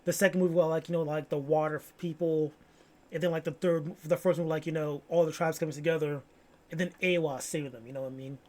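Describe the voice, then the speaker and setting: A man's voice: on the high side, fairly even intonation, quick pace, mellow. A young man rambling in casual solo chat, slangy and full of fillers. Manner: rambling, heavy on "like" and "bro", slangy. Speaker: vlogger.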